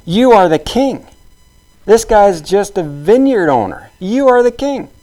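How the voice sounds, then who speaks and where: A man's voice: sits high, big pitch swings, a little slow, darkish tone, low-quality recording. A man voicing a domineering queen who scoffs and gives orders, as a retelling inside a sermon. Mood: scornful, bossy. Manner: bossy, scoffing. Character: scornful domineering queen, woman.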